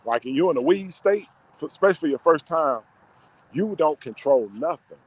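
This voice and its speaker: A man telling a personal story to camera in a slangy, emotional, drawn-out way. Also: fairly high pitch, lively intonation, breathy edge, low-quality recording.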